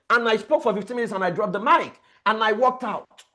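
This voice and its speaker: High-voiced man, emphatic coach. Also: fairly quick, bright, forceful tone. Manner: emphatic, repeats key words, storytelling. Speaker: family life coach. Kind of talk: motivational training lecture.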